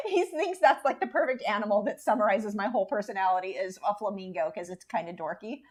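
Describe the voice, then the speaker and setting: A woman's voice: mid-range voice, fast talker, a little mellow. A woman artist chatting casually and opinionatedly with viewers while she paints, laughing often. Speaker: artist streamer.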